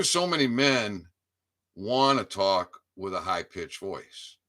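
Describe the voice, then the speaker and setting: Man, low voice, bright edgy tone, rambling monologue, stammers, swears. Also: lively intonation, takes it slowly. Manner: stammers and repeats words, swears freely. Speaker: independent online commentator.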